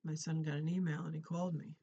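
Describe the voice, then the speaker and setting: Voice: mid-range voice, flat delivery, quick pace, dark tone, husky, highs cut off. A middle-aged parent sharing a personal prayer testimony to encourage viewers, talking earnestly and conversationally, often repeating and restarting phrases. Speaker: Christian encouragement vlogger.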